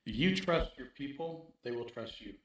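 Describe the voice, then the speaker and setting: A man's voice: mid-range voice, animated, moderate pace. A man speaking in a casual interview as a guest, making his points emphatically and checking in with "right?". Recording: very echoey room.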